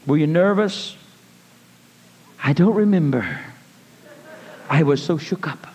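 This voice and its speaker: A man preaching a sermon, telling a story in a folksy manner, calling listeners honey and rising to shouted praise. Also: on the high side, expressive, takes it slowly, husky. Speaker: evangelist. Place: church. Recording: long reverb of a church hall.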